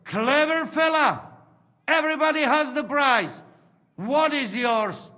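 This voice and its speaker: A man voicing a rough rebel soldier from the Trenčín region who speaks in clipped, broken sentences in a game cutscene. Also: very high voice, takes it slowly, sharp tone, full character voice. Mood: bargaining. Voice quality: broken, clipped speech with dropped words. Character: rough, wheedling male soldier haggling over hostages.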